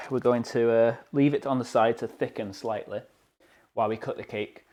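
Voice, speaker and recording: A young British man from the United Kingdom livestreams from his home kitchen while baking, his voice medium-pitched, steady, and a little mellow at a moderate pace. He chats casually and jokes at his own expense.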